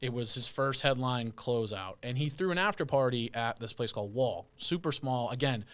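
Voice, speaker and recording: A man chatting on a podcast about his work managing music artists. He tells his stories in an animated way and circles back over his own phrases. His pitch sits right in the middle for a man. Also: normal speed, clear, resonant tone. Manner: storytelling, animated with repeated phrases. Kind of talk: casual podcast chat.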